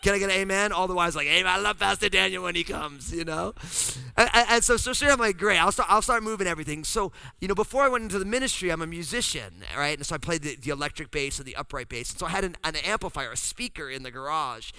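A pastor from New Jersey telling a funny family story in a sermon, acting out the voices of the people in it. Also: male voice, fairly high pitch, quick pace, vocal fry, clear, resonant tone, no echo. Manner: animated, acts out voices in his story.

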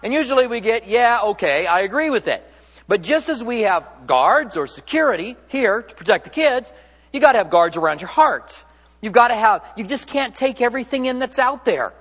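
A man's voice: very high voice, very animated, a little fast, fairly bright tone, long reverb tail. A man delivering a sermon as a pastor in a church, speaking in a conversational, joking way and often correcting himself mid-sentence.

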